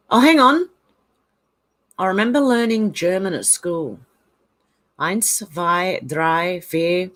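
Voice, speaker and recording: A channel host born in Ireland and raised in Australia, with an Australian accent, reads out viewer comments in a casual livestream chat, laughing often. Her voice is lowish and a bit bright.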